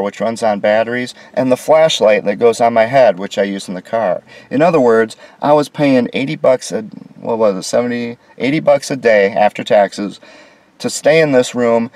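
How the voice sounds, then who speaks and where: A man's voice: mid-range voice, darkish tone, no room sound. A man from the United States walking through a small hotel room on camera, complaining with sarcasm and indignation. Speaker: vlogger reviewing a hotel room. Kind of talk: casual walkthrough narration.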